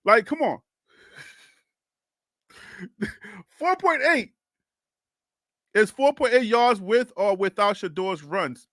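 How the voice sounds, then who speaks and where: A young Liberian man hosts a casual sports talk stream, his high, sharp voice sounding dry and close. He speaks slowly with long pauses, arguing animatedly, laughing often and daring listeners to debate him.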